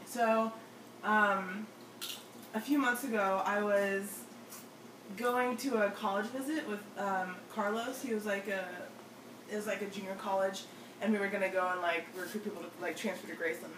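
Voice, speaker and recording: A woman's voice: mid-range voice, steady tone, moderate pace, background noise. Chatty young woman, roomy distant sound. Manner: chatty, heavy use of "like", acts out quotes. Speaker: storyteller among friends. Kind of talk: casual storytelling chat. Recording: roomy sound, mic at a distance, faint ambience.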